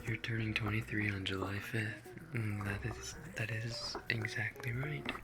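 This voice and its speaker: A young man in his twenties, whispering softly into a close mic as an ASMR streamer reading chat questions. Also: lowish voice, steady tone, normal speed, loud music behind the voice.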